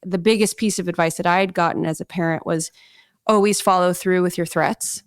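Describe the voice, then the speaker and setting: A woman's voice: on the low side, steady tone, a little fast, clear, resonant tone, dry recording, studio quality. A woman in her thirties from Long Island, talking bluntly and candidly as a podcast guest. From Long Island, New York. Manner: blunt, candid and emphatic, with frequent "like". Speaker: actress guest on a gaming podcast. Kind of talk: casual interview chat.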